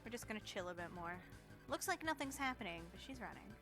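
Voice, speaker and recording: A woman's voice: mid-range voice, sing-song, fast talker, over music. A woman giving playful, chatty live-stream commentary while speedrunning a game, tossing jokey asides to her chat.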